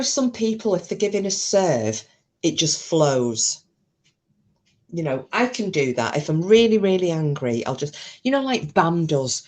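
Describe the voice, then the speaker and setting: A woman hosts a casual live stream, her voice sitting low as she talks straight to her viewers. She is blunt and chatty, and she swears freely. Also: darkish tone.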